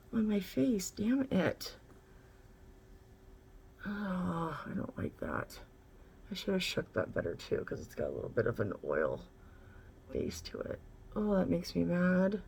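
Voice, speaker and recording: A woman's voice: mid-range voice, vocal fry, a little mellow, a little hiss or hum. A woman vlogger chatting casually through a makeup tutorial, candid and rambling, swearing now and then.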